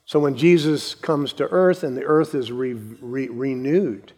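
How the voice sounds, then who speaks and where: A male pastor preaching a sermon, building to emphatic lines and then dropping to soft asides. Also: mid-range voice, unhurried. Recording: long hall reverb.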